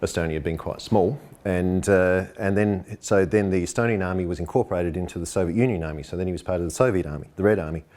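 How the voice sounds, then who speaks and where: A man runs a documentary interview, chatting and explaining things at length. His voice sits very low. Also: quick pace, hardly any pauses, a little mellow.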